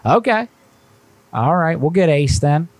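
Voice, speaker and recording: Male live-stream prank show host, high-ish voice, offhand chatter, dry mic. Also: measured pace, no echo. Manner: relaxed, offhand, talking while reading chat. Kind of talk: casual live-stream chat.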